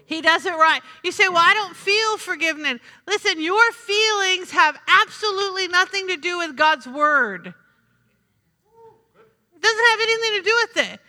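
A woman's voice: very high-pitched, animated, normal speed, sharp tone. A woman preaching a sermon in a chatty, humorous way, calling out to the congregation for responses. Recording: reverberant hall.

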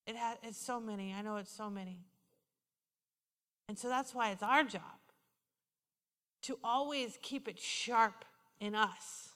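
A woman preaching a sermon, telling stories with passion and moving from loud declarations to hushed, intimate moments. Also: fairly high pitch, a little slow, pauses often. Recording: hall reverb.

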